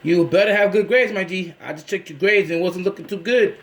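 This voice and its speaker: A man's voice: high voice, fairly quick, fairly bright tone. A man voicing a stern mother who scolds her son.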